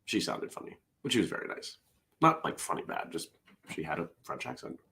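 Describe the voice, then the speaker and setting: A man with a lowish voice hosts a relaxed morning chat show on his own. His pitch swings widely as he reads jokes and wanders off into side stories, often stopping to restart a thought. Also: fairly quick. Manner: rambling and self-interrupting, drifts into side stories between jokes. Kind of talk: casual solo morning chat, reading jokes aloud.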